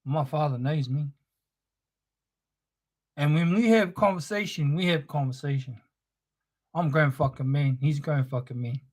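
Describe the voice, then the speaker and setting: With a fairly high, slightly mellow voice at an ordinary pace, this man rants on a livestream. He preaches, picks fights, and curses constantly in a passionate monologue.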